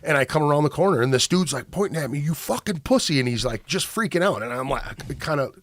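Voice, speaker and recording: A man's voice: a little high, expressive, fast. A man hosting a podcast, telling a long profane story in casual chat. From Minnesota. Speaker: podcast host.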